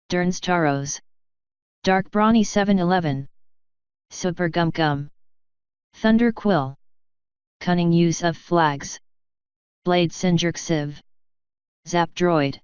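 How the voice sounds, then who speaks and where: A woman reads out a long list of names in a slow, even cadence, her voice smooth and resonant and a little low for a woman. The recording is dry and dull. She sounds like the regular reader of a fanfiction audio channel. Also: no room sound. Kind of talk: reading a list of supporter names.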